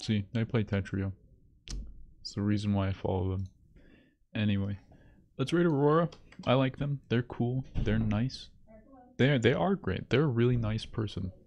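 A man's voice: on the low side, normal speed, a little mellow, a little hiss or hum. A man streaming live, chatting casually and rambling between bursts of laughter and mock self-pity. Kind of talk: casual livestream chat.

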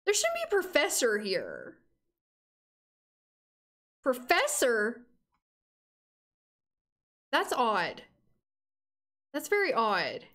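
Lively high-voiced woman streaming a game. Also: very slow, long pauses. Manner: chatty, laughs often, talks to game characters. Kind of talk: casual gameplay livestream chat. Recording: faint music behind.

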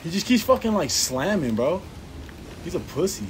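A man's voice: high-pitched, sing-song, normal speed, a little hiss or hum. A young man giving casual, profane commentary while playing a hard game, getting more and more frustrated. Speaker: gameplay streamer.

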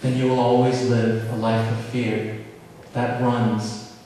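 A man's voice: mid-range voice, flat delivery, slow, mellow, a little hiss or hum. A male pastor preaching a sermon, pleading with earnest questions to his listeners. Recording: echoey hall from far off.

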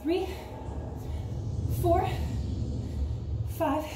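A woman's voice: very high-pitched, steady tone, very slow, background noise. A woman fitness instructor from the United States, coaching a home workout and counting reps while exercising, a little out of breath. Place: home room with ceiling fan. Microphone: camera some distance away. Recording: roomy, distant from the mic, with music. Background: background music.

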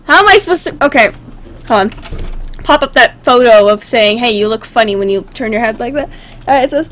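A woman's voice: on the high side, animated, normal speed, a bit bright. A woman hosting a gaming video, chatting casually and giggling as she reacts and tries out silly character voices. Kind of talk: casual game commentary.

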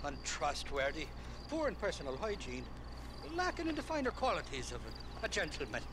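An actor playing a shifty, fast-talking Irish male drifter in a video game, rambling and wheedling. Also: fairly high pitch, huge pitch swings. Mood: chatty. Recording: game audio with clear background noise.

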